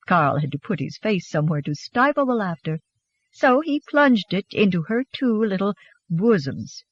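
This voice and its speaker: An expressive audiobook narrator telling the story with warmth of delivery and a pitch that rises and falls freely. The sound is close and dry, with a slightly dull, muffled top end. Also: moderate pace, no room sound. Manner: expressive, gently animated storytelling.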